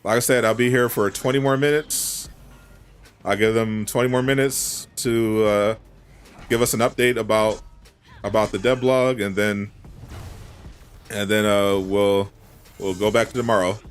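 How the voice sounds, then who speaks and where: A man's voice: lowish voice, steady tone, measured pace, pauses often, clean tone, soft background music. Laid-back man chatting casually while streaming. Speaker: gaming streamer. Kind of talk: casual chat. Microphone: desk condenser mic.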